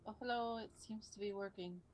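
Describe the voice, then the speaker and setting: A woman's voice: mid-range voice, fairly even intonation, a little hiss or hum. Playful woman quipping at a game table. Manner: playful, quick quips. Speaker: player. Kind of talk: casual tabletop play.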